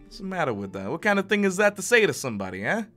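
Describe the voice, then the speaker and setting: A man putting on a Brooklyn accent to play a gruff, easily offended male mobster with an indignant street-tough delivery. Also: high-pitched, big pitch swings, very fast, a bit bright, soft background music, pitched above the performer's own voice.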